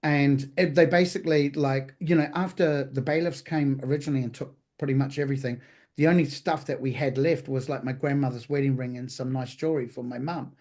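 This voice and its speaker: A man's voice: mid-range voice, fairly even intonation, fairly quick, a little mellow. New Zealand man telling candid stories. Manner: candid, profane, vivid anecdotal storytelling. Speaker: podcast guest, chef. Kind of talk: casual storytelling interview.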